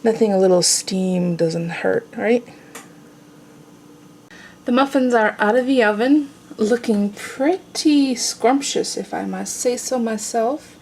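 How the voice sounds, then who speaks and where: A woman's voice: on the high side, takes it slowly, darkish tone, slight background noise. A woman casually talking through a home baking demonstration, chatty and self-teasing, tasting as she goes. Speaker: home cooking vlogger. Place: home kitchen.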